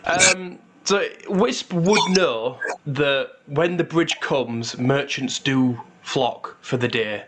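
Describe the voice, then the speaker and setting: A man, narrating a tabletop game as game master in a relaxed way. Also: mid-range voice, slow pace, few pauses, background noise. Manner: relaxed, full of fillers and restarts, wry asides.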